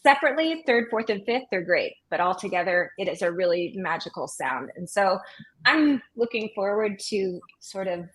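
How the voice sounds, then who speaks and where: A woman's voice: medium pitch, normal speed, low-quality recording. A middle-aged woman, an opera singer and music teacher, chatting as an interview guest and acting out what children say. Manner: animated storyteller, acts out voices of kids. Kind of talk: casual interview chat.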